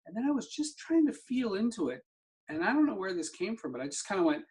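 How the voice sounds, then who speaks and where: A man's voice: high-pitched, sing-song, quick pace, darkish tone. Man telling a vivid personal story. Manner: vivid storyteller who acts out remembered dialogue. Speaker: somatic therapy practitioner, guest.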